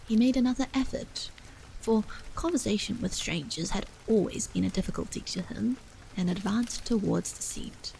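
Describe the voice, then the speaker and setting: A woman reading a horror novel aloud as a bedtime story in a soft, slow whispered role-play, with rain falling behind her. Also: medium pitch, vocal fry, rough recording. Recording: faint rain noise behind.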